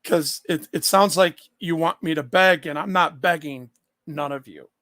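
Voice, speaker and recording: A man's voice: fairly high pitch, moderate pace, bright, forceful tone, no echo. A man livestreaming and talking straight back to his chat, blunt and confrontational, swearing freely.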